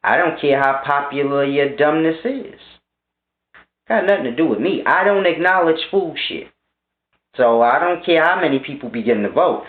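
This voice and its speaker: A man's voice: fairly high pitch, animated, moderate pace. Man in his thirties, profane monologue, scornful, blunt, tinny, roomy. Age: 30s. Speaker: vlogger.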